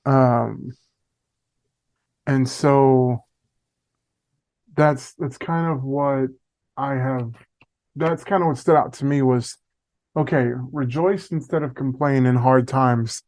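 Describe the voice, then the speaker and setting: A man's voice: mid-range voice, slow pace, long pauses, a little mellow. A man co-hosting a Christian podcast, speaking casually and reflectively with frequent restarts. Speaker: podcast co-host. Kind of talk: faith podcast conversation.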